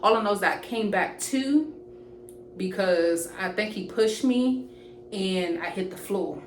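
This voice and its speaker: A young woman, casually telling an animated, profane storytime to camera. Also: medium pitch, a little slow. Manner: animated, profane, jumps into quoted voices. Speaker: storytime vlogger. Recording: roomy echoey room with faint hiss.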